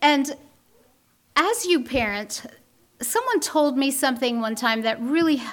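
High-voiced, unhurried woman speaking on faith and parenting. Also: animated, a bit bright. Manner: earnest and wry, acts out quoted voices. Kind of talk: faith-based parenting talk.

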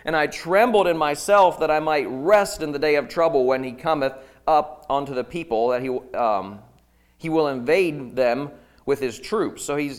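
A man preaching a sermon, reading scripture dramatically and talking off the cuff with halting restarts, swinging from loud pleas to quiet reflection. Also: on the high side.

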